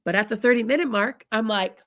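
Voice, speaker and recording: A woman's voice: on the high side, fast talker, fairly bright tone. A woman from the US Midwest telling a funny personal story in a chatty, comic way, often calling her listeners "y'all". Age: adult, married. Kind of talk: humorous storytelling talk.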